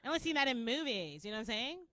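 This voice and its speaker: A young Canadian woman with a Canadian accent doing a loud, animated stand-up set, acting out characters and laughing often. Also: a little high, very fast, dry recording. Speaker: stand-up comedian.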